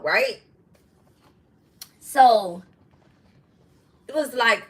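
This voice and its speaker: A middle-aged woman with a bright, forceful voice talks straight to her viewers in casual podcast chat. She is blunt and profane, with quick asides and laughter. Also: fairly high pitch, animated, low-quality recording. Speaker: podcast host.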